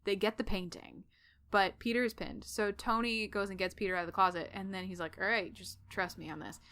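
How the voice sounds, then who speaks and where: A woman co-hosting a podcast, casually recapping a story with lively quoted dialogue and frequent laughter. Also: mid-range voice. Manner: animated retelling with quick voiced quotes and laughs. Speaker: podcast co-host. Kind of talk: casual fanfic recap chat.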